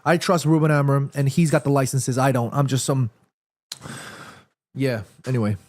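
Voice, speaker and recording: A man's voice: medium pitch, steady tone, normal speed, darkish tone. A man hosting a live football watchalong, chatting to viewers and reacting to the match as it happens. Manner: chatty, addresses viewers directly, reads chat aloud.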